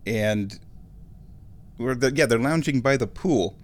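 A man from Nebraska talks in a casual, rambling monologue at a slow, easy pace. He drifts between thoughts with nostalgic fondness. He chuckles often and clears his throat along the way. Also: mid-range voice, animated. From Omaha, Nebraska, USA.

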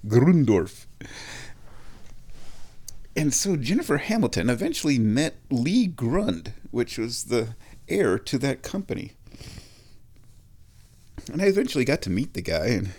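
A man's voice: mid-range voice, sing-song, normal speed, pauses often, darkish tone. A middle-aged man telling rambling personal stories in a chatty, self-mocking way, laughing at his own jokes.

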